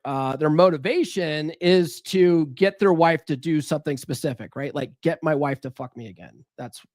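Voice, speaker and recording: A man talks alone in a loose, rambling way, cursing freely and catching himself mid-sentence. His voice sits a little high for a man. The sound is dry and close, with no room around it. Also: no echo. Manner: rambling, profane, self-interrupting. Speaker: podcast host and relationship coach. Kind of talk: casual solo monologue.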